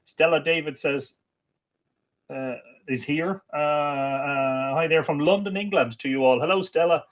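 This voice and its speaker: A man's voice: a little high, measured pace. A man hosting a casual livestream, reading out viewer comments and greeting them in a chatty, welcoming way. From Ireland. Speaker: livestream host.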